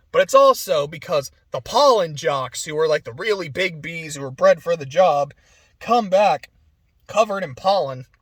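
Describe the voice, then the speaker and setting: High-pitched guy rambling thru a movie review, swears a lot, dry close mic. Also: dry recording. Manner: rambling, excitable, laughs and swears often. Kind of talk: off-the-cuff casual review.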